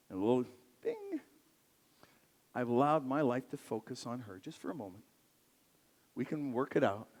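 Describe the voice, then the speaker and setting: A man preaching a sermon to his congregation in a playful, animated way, joking with the crowd and asking for shows of hands. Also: fairly high pitch, big-room sound. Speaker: pastor. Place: large church sanctuary.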